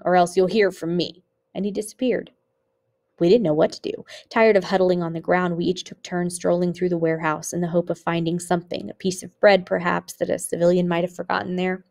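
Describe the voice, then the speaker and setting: A woman teacher reads a memoir aloud for her students in a low voice with a gravelly edge. Her reading is expressive, lifting on exclamations and dropping quiet on grim moments. The delivery is steady and clear.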